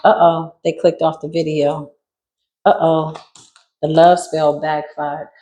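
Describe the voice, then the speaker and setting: A woman giving a spiritual reading in a casual monologue, brash and sassy, swearing freely and jumping into sudden high squeals. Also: little pitch movement, slow pace, mellow, reverberant, poor audio. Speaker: spiritual reader.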